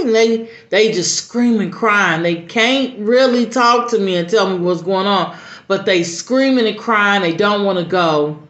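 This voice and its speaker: A middle-aged mother telling a personal story in an earnest, halting way with many restarts. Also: mid-range voice, fairly bright tone. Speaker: mother sharing advice. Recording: roomy, dull lo-fi recording.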